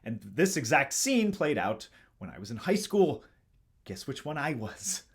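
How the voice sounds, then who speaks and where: A man's voice: medium pitch, big pitch swings, a little slow, husky, faint music behind. A man hosting a comedic movie review, narrating the plot with sarcastic asides. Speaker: host.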